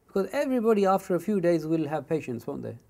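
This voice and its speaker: Gravelly man teaching Quran commentary. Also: on the high side, very animated, mellow. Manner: recites Arabic verses quickly, then explains in English with frequent asides. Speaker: Islamic teacher explaining Quran verses. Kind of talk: Quran tafsir lesson, recitation and explanation.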